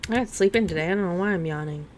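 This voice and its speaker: A woman's voice: on the low side, racing, a little hiss or hum. A woman casually chatting and thinking aloud while livestreaming a cozy farming game. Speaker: gaming streamer. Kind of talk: casual gameplay commentary.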